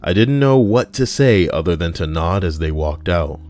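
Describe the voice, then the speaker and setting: Deep-voiced man rambling on a stream. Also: animated, moderate pace, a little mellow, slight background noise. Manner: rambling, profane, joking asides. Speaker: YouTube reader and streamer. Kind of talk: casual livestream reading Reddit stories. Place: home recording room.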